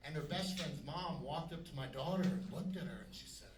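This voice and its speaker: A man with a high voice works a comedy club stage, firing off dark jokes with a brash, punchy delivery. He sounds set back from the mic, with room echo around him and steady background noise. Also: fairly quick. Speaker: stand-up comedian. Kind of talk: stand-up set. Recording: echoey club from a distance with noise. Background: audience laughter.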